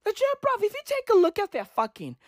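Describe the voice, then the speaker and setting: A woman's voice: extremely high pitch, wildly swooping pitch, fast talker, dry recording, studio quality. A woman delivering a rambling, profane comic rant full of slang, breaking into mocking voices and laughter.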